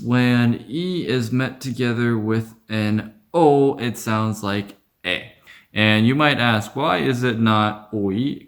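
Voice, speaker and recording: A man teaching a language lesson in a relaxed, casual way, repeating sounds slowly to demonstrate them. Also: on the low side.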